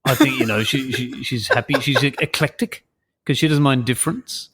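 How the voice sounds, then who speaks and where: A man co-hosting a comedy podcast, talking in animated, mock-serious banter and reading lyrics aloud with jokes. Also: medium pitch, normal speed, husky. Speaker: podcast co-host.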